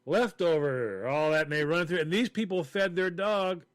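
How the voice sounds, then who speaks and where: A man chatting casually, telling a story with lively acted-out quotes. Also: a little high, normal speed, no room sound. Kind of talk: casual chat.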